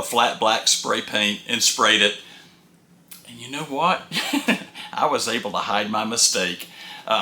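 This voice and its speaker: A folksy man spins a rambling travel tale and doubles back on his words as he talks. His voice is very bright and sharp, and it rings around a roomy, echoey space. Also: mid-range voice. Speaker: RV traveler telling road stories. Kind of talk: casual first-person storytelling.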